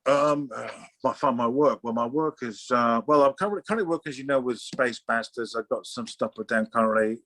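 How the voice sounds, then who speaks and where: A man's voice: mid-range voice, brisk, hardly any pauses, a bit bright, dry recording. A middle-aged man from Oxfordshire, a comic artist chatting as an interview guest, rambling and swearing freely with many restarts. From Oxfordshire, England. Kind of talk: casual interview chat.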